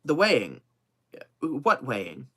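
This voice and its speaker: A man's voice: mid-range voice, wildly swooping pitch, takes it slowly, sharp tone, husky, exaggerated voice. A man voicing a skeptical, stubborn hunter who speaks bluntly.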